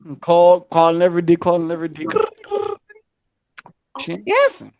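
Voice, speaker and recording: A man hosting a podcast, telling a long story in casual slang. He keeps slipping into high voices to act out the people in it. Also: completely flat delivery, a little fast, vocal fry, darkish tone, clean tone, dry recording, studio quality. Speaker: podcast host. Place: podcast studio.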